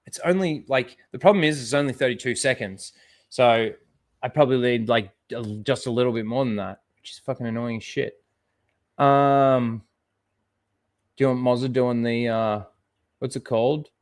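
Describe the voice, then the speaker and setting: A man's voice: mid-range voice, moderate pace. Casual swearing male streamer. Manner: swears freely, rambling and apologetic. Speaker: livestream host. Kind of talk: casual livestream chat.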